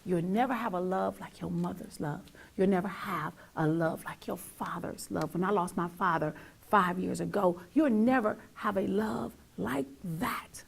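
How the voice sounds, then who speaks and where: A middle-aged woman hosting a talk show, giving an emotional, emphatic monologue to her viewers that swings from loud to nearly whispered and repeats lines for weight. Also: mid-range voice, vocal fry, husky.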